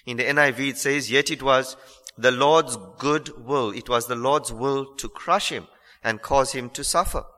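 Bright-voiced man preaching in a reverberant hall. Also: mid-range voice. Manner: earnest, repeats phrases for emphasis, slows on key lines. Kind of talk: sermon.

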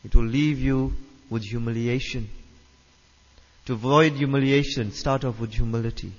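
A man's voice: mid-range voice, steady tone, moderate pace. A man preaching a sermon, emphatic, repeating his phrases and putting questions to the listeners. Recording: dull reverberant hall sound.

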